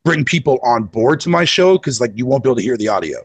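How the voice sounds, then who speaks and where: Guest man, casual and profane, quick and gravelly, dry close sound. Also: mid-range voice, lively intonation, background noise. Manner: profane, laughing, rambling. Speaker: podcast guest. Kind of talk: casual chat.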